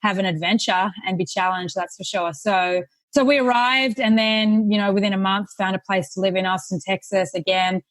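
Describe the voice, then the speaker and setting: An Australian woman in her thirties tells her story as a podcast guest, friendly and quick to laugh. Her voice sits at a middle pitch and sounds dry and close. She talks in a relaxed, conversational way. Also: dry recording. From Sydney, Australia. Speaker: guest, real estate investor. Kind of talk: casual interview conversation.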